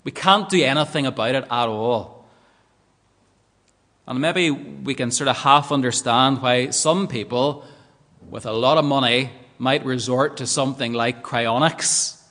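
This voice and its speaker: A man's voice: mid-range voice, a little slow, fairly bright tone. A man with a Northern Irish accent preaching a sermon in a church, earnest and fond of rhetorical tag questions. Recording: long church hall reverb.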